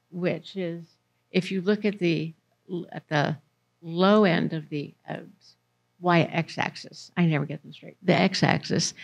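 A woman's voice: lowish voice, gravelly. A woman giving a conversational presentation to parents in a library meeting room, putting questions to the audience.

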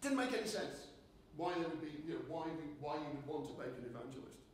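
A man giving a conference lecture, animated and conversational, often restarting his sentences. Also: on the high side, fast. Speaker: keynote speaker. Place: lecture hall. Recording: echoey hall, voice from a distance.

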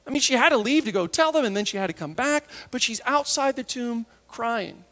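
Animated woman preaching in an echoey hall. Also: on the high side. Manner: lively and conversational, acting out the disciples and Mary in quick asides. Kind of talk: sermon.

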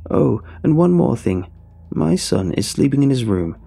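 A man's voice: very animated, normal speed, gravelly, mellow, husky, faint music behind, heavily acted. A man voicing a shrewd elderly woman who squawks and rambles, turning snappish. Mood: shrill, rambling. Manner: shrill, snappish.

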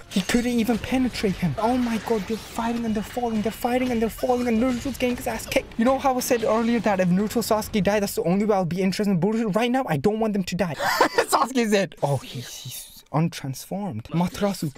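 A man hosting an anime reaction channel, giving live commentary that turns to excited shouting and stammering in disbelief, speaking into a desk microphone. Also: high voice, fairly quick, noisy background.

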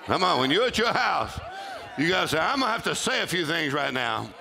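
A man, preaching a sermon with shouted exclamations and call-and-response to his congregation. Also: a little high, very animated, fairly quick, gravelly, crowd noise. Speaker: pastor. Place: church auditorium with congregation.

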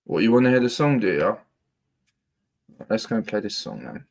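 A man's voice: on the low side, expressive, normal speed, vocal fry. A man on a livestream, ranting angrily, swearing, taunting and threatening.

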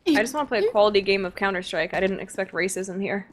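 A woman chatting casually and joking loudly while playing a game. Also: medium pitch, fast. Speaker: gamer on voice chat. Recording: game clicks and noise behind.

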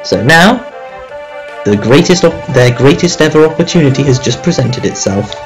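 A man's voice: medium pitch, expressive, normal speed, music in the background. A man hosting a let's play, chatting in a joking, self-mocking way and reading game dialogue aloud.

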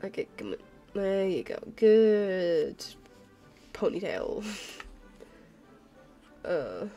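A woman's voice: medium pitch, big pitch swings, drawn-out words, dark tone, soft background music. A tired woman streamer chatting casually while she draws, rambling, apologizing and laughing often. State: tired and yawning. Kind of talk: casual chat while drawing.

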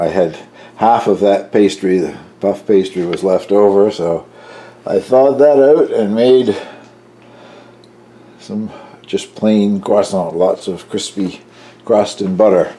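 An older man casually narrating his home baking for a cooking video, chatty and relaxed, tasting as he talks. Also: low-pitched, takes it slowly. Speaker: home baker, channel host.

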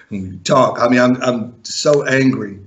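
A man's voice: mid-range voice, a bit bright. A man and former music manager telling a story in an interview, blunt and profane, chuckling now and then.

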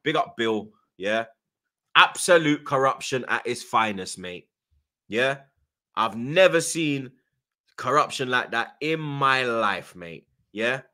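A man's voice: medium pitch, takes it slowly, pushed and bright. Furious man ranting on stream. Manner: angry, swearing, repeating taunts and "yeah?" tags. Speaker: streamer hosting a football watchalong. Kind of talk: live fan watchalong rant.

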